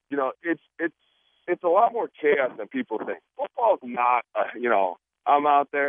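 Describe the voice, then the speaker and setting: Animated football player on a phone line. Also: male voice, mid-range voice, fairly quick, no echo. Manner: animated, joking, acts out quotes. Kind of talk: casual radio interview.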